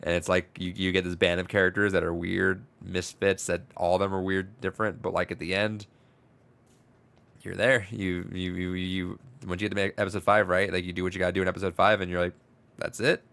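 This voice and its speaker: A low-voiced man with a gravelly edge, rambling through a casual podcast story. He restarts his words often and swears easily. His voice stays smooth and resonant under the grit. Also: flat delivery, brisk, a bit bright. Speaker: podcast co-host. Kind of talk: casual chat.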